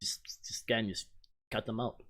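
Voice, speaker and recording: Bright-voiced man in casual podcast chat. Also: lowish voice, normal speed. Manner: relaxed, profane banter. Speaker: podcast co-host.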